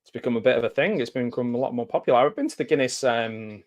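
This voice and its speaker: A man giving live watch-along reaction commentary on a TV episode, chatty and jokey, with excited outbursts and laughs. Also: mid-range voice, fast talker. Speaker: commentary host.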